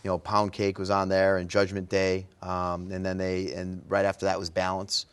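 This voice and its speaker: Male guest, very low voice, easygoing storyteller with lots of ums. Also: normal speed, clear, resonant tone. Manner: relaxed, filler-heavy storytelling. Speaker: guest, music fan. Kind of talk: casual interview chat.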